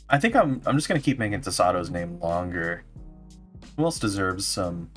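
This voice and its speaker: A man streams as a vtuber over soft background music, chatting casually and playfully with viewers, laughing often and reacting to chat in a giggly way. His voice is low-pitched with big pitch swings at a moderate pace.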